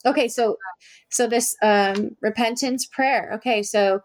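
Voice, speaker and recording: A woman's voice: a little high, fairly even intonation, unhurried. A woman co-hosting a Christian podcast, talking reflectively and reading a prayer. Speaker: podcast co-host.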